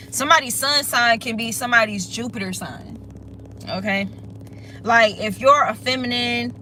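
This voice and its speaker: A woman's voice: a little high, bright, forceful tone, slight background noise, low-quality recording. A woman giving a casual spiritual reading in a blunt, profane, emphatic way, often checking in with "okay?". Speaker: tarot reader.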